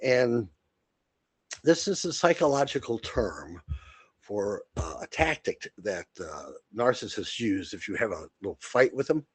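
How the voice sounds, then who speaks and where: A man's voice: lowish voice, sing-song, unhurried, slightly rough, no room sound. A man co-hosting a podcast, talking in a blunt, rambling way with frequent restarts and fillers. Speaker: podcast co-host. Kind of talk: casual monologue.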